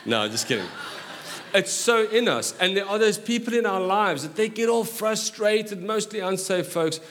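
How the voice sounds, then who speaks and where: Joking, animated male preacher. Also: high voice, slight background noise. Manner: animated and joking, with quick asides. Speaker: pastor. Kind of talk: sermon.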